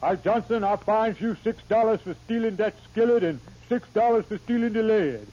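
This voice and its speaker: A man playing a folksy small-town court judge in a 1930s radio comedy, with drawling dialect speech and a husky voice. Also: sits high, normal speed, mellow, natural voice. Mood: pompous. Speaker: comic sketch actor. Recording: muffled old radio recording.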